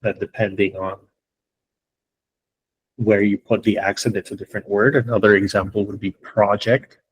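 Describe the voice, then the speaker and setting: Through a computer mic on a video call, a man with a lowish voice delivers an online English lesson in a flat tone at a moderate pace. He explains patiently in steps and checks in with students often. There's a little background noise, and the recording quality is low.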